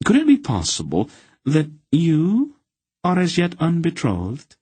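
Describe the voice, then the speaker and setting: A man's voice: fairly high pitch, wildly swooping pitch, unhurried, warm tone, breathy edge, no room sound, pitched above the performer's own voice, full character voice. A man reading a wry, commanding older woman who schemes sweetly and a little slyly. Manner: sweetly scheming, slightly sly.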